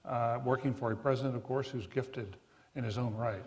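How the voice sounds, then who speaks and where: Older man, moderator, mid-pitched voice, measured halting delivery. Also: a little mellow. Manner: measured, with frequent uh fillers and restarts. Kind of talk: moderating a forum interview.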